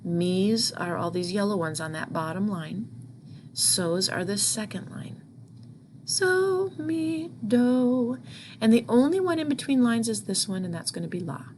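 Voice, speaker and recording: A woman's voice: medium pitch, lively intonation, moderate pace, a little mellow, a little hiss or hum. A music teacher explaining rhythms patiently, step by step, speaking into a computer mic at her desk. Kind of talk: online music lesson.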